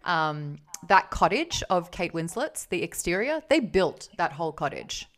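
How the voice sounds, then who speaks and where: An Australian woman in her thirties, a podcast guest, telling animated anecdotes and laughing often in casual chat. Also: fairly low pitch, a little slow.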